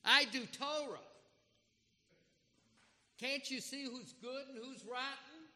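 A man preaching, voicing a resentful, self-righteous older brother who loudly accuses his father. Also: very high voice, takes it slowly, big-room sound, pitched above the performer's own voice, heavily acted. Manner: indignant, loud and accusing.

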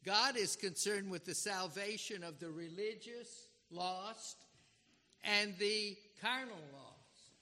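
A man's voice: high voice, slow, pushed and bright. A man giving an earnest, dramatic sermon and acting out the scripture he quotes. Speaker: preacher. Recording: reverberant hall.

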